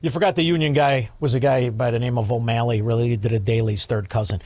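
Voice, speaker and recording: A man's voice: mid-range voice, fairly even intonation, fast, a little mellow, dry recording. A man hosting a talk radio show, taking calls and mocking his targets with insults. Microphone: studio microphone.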